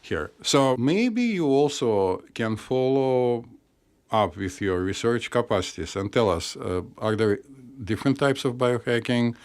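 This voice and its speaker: A man's voice: mid-range voice, animated, measured pace, a little mellow, clear, resonant tone. A middle-aged man with a Russian accent, co-hosting a casual chat and joking wryly as a psychiatrist. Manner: wry, joking, slightly non-native phrasing. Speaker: podcast co-host, psychiatrist.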